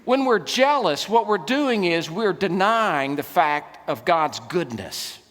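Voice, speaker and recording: A middle-aged man delivers a keynote sermon, his fairly high voice leaping up and down as he jokes and tells stories. He moves from quiet asides to loud, pressing lines. His voice rings out in a large hall with a long reverb. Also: slow pace, some chatter behind, slight background noise. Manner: humorous, animated storytelling with swings in loudness. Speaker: keynote speaker and preacher.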